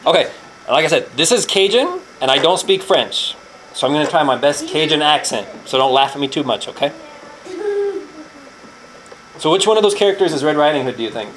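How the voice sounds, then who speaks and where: A woman's voice: deep voice, fairly quick, pauses often, background noise. A young woman teacher reading a picture book aloud to a class of small children, stopping to quiz them on words. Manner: lively storyteller quizzing children on vocabulary. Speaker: teacher reading to first graders.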